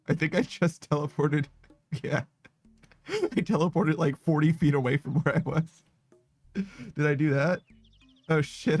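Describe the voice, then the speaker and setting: A man's voice: a little high, vocal fry, no room sound. Giggly, rambling streamer man. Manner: giggly, rambling, self-mocking, swears a lot. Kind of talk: casual live-stream chat while gaming. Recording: dry close mic with faint music behind.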